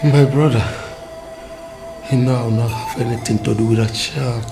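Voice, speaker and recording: An actor with a Nigerian accent playing an older, dying Christian father who speaks slowly and gravely. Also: medium pitch, fairly even intonation, lightly acted. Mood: solemn. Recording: music playing behind.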